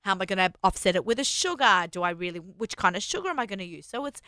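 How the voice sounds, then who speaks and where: A woman co-hosting a casual chat about writing her cookbook, telling stories in an animated way with many restarts. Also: medium pitch, quick pace, no room sound, clean studio sound. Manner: chatty, animated storytelling with restarts. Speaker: cookbook author and co-host.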